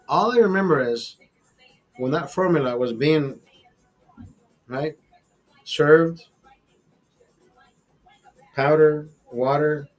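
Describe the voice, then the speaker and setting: Profane rambling man telling a story. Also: on the high side. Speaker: podcast host. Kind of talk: casual comedic storytelling.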